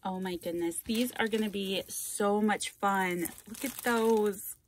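A woman's voice: medium pitch, fairly even intonation, slow pace, slight background noise. A woman hosting a casual craft vlog, gushing and thanking a viewer as she unpacks a box of supplies. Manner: gushing, effusive, repeats thanks. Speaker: craft channel host. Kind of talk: casual mail-opening vlog.

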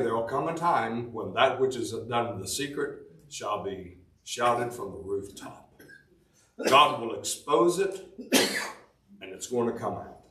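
A man's voice: medium pitch, bright, forceful tone, echoey room, recorded from a distance, poor audio. A man preaching a devotional sermon, reading scripture in old-fashioned Bible wording and explaining it.

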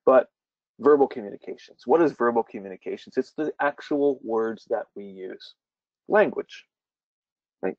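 A male workshop trainer giving a webinar lecture, animated and quick to repeat his words, with fillers. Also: mid-range voice, no echo. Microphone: webinar mic. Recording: dull distant dry webinar audio.

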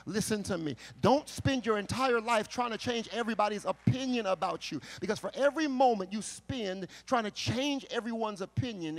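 A pastor preaching a live sermon at a church service, impassioned and building to forceful rhythmic declarations. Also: male voice, sits high. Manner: impassioned preaching with repeated calls of "listen to me".

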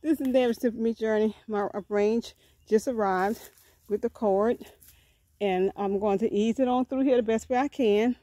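A woman's voice: on the high side, steady tone, moderate pace, dark tone, no room sound. A woman, out of breath, chatting casually to her viewers as a vlogger outdoors and often calling them family. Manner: chatty, folksy, often repeats words and addresses viewers as family. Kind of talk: casual vlog talk to viewers. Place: outdoors on rural property.

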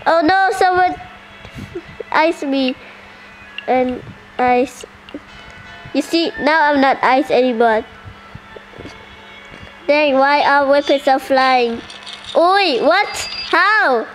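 A woman giving casual gameplay commentary, excitable and full of surprised questions. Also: high voice, slow pace, long pauses, soft background music, poor audio. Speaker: gaming channel host.

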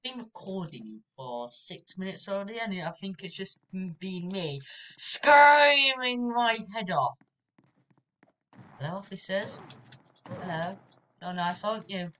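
A woman's voice: lowish voice, moderate pace. A young woman commentating her own gameplay, chatty and given to sudden screams. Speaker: gaming YouTuber.

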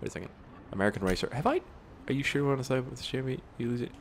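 A young man in his twenties talks over his gameplay with a bouncy, lively pitch that swings all over the place. He rambles into tangents and makes crude, profane jokes aimed straight at his viewers. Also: racing, a little hiss or hum. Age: 20s. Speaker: gaming YouTuber. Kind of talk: gameplay commentary.

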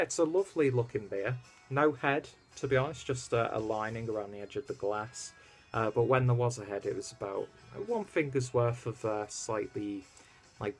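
A man from the UK, casually reviewing a beer in a rambling, easygoing way full of fillers. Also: lowish voice. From United Kingdom. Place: at home in Germany.

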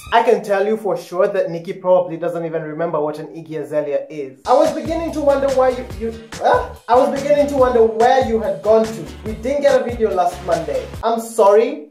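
A young man answers viewer questions in a casual vlog, his voice sitting fairly high for a man. He talks with sassy, dramatic flair and swears freely. The sound bounces around an echoey room, with faint music playing underneath. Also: darkish tone. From Kenya. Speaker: YouTuber.

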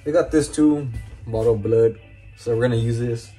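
A man's voice: mid-range voice, steady tone, normal speed, over music, low-quality recording. A young man casually vlogging at home on a phone, hyped and playful, chatting to his dog. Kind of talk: casual vlog. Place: at home, indoors.

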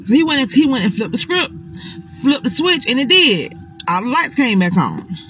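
A woman telling a personal story straight to her audience in a casual storytime monologue, animated and dramatic, swearing often. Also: high voice, normal speed, soft background music, poor audio.

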